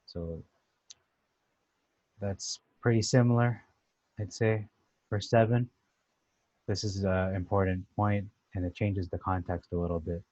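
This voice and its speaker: A man giving a casual, conversational commentary on a Bible passage, thoughtful and pausing with "uh" as he restarts. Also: low voice, fairly even intonation, a little mellow, no room sound, highs cut off. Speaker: Bible teacher.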